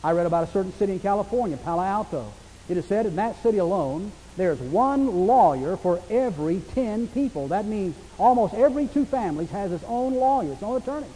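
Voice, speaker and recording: A man's voice: high voice, animated, a little fast, warm tone, big-room sound, a little hiss or hum, poor audio. A man preaching a sermon as a pastor, conversational and emphatic, asking his listeners rhetorical questions.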